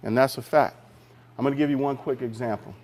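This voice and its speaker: A man giving a keynote speech on a theater stage, telling a personal business story with dramatic pauses and direct questions to the audience. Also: mid-range voice, steady tone, darkish tone. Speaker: executive keynote speaker.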